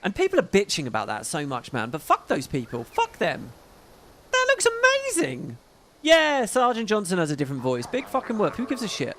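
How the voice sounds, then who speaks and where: Animated, swearing male livestreamer. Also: sits high, a little fast, hardly any pauses, a little hiss or hum. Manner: rambling, profane, chatty asides. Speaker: livestream host. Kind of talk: casual livestream chat.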